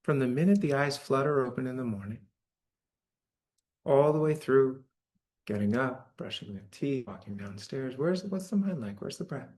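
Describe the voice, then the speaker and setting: A man's voice: medium pitch, normal speed, darkish tone. Conversational male meditation teacher. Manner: conversational, often checks in with "right?". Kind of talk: dharma talk to a live audience. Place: church hall.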